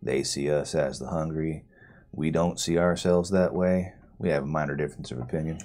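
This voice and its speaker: A man's voice: extremely low pitch, steady tone, moderate pace, darkish tone. A man voicing a wary, blunt country swamp-dweller who talks with a rustic drawl and country words. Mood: stern, folksy.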